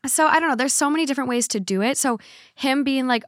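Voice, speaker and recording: A woman's voice: high voice, a little fast, no echo. Woman podcast host, casual and rambling, dry close mic. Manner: animated, rambling, lots of fillers.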